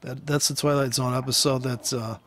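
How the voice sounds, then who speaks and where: This American man trades forex and teaches trading, and here he rambles through a casual rant over a live chart, cursing liberally and frequently laughing. He speaks briskly at a medium pitch with fairly even intonation and a fairly bright tone, against slight background noise.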